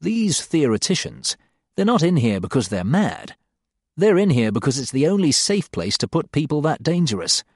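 A male narrator reading a first-person story with dry, wry humor. His pitch moves expressively through each line, and the recording is close and completely dry. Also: very animated, normal speed, husky, no room sound. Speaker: audiobook narrator.

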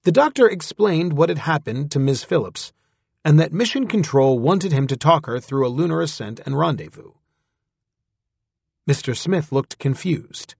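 A man with a husky voice narrating a story in the first person, in a close, dry recording. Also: on the high side, lively intonation, moderate pace, darkish tone, no room sound. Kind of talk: scripted audiobook narration.

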